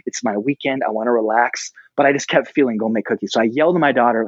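Husky-voiced man, animated pastor. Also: quick pace, hardly any pauses, dry recording, muffled recording. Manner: animated, breaks into high-pitched quoted reactions. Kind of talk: casual storytelling.

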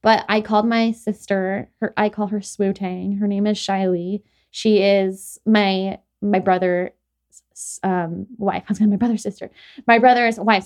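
A young adult woman hosts a podcast in a medium-pitched, slightly mellow voice. In casual chat, she rambles through her stories, restarting often and saying "like" constantly.

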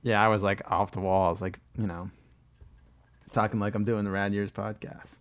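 Mid-man in his forties, lowish voice, loose profane podcast storyteller. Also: little pitch movement, a little fast, lo-fi sound. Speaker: podcast co-host. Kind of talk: casual chat.

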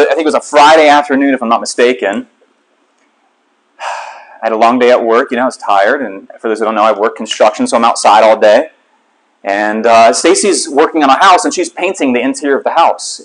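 A man speaks as a lay teacher, opening a sermon with a candid, conversational story. His voice sits at a medium pitch, and his delivery is plain and unpolished. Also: low-quality recording.

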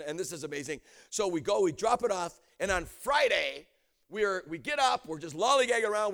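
Animated high-voiced man preaching. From United States. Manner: animated, bursts into shouting. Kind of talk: storytelling sermon.

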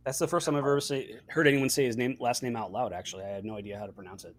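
A man co-hosting a casual podcast chat, relaxed and trailing off quietly at the end of his thoughts. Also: mid-range voice, racing. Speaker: podcast co-host.

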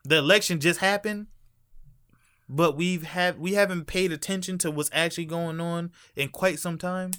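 A man co-hosting a casual podcast chat, emphatic and jokey, trailing off quietly as he wraps up his points. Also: on the high side, steady tone, moderate pace, smooth, dry recording, studio quality. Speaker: podcast co-host.

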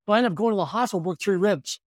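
Man in his fifties, podcast guest, quick and lively storytelling, slightly high voice, dry sound. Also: no room sound. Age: 50s. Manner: energetic, animated storytelling. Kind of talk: storytelling in conversation.

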